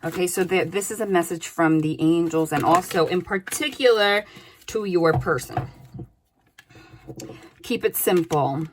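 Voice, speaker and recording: A tarot reader gives a casual spoken reading, her voice on the low side and her pace measured, with long pauses and background noise. She's chatty and loose, often tagging on "like" and "okay?".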